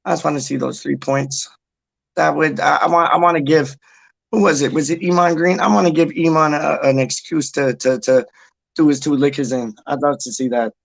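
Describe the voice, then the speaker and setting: A man's voice: on the high side, fairly even intonation, normal speed, gravelly, no room sound. A man hosting a casual livestream, rambling and repeating himself as he reads out comments and swears in passing. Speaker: livestream host. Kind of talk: casual chat reading viewer comments.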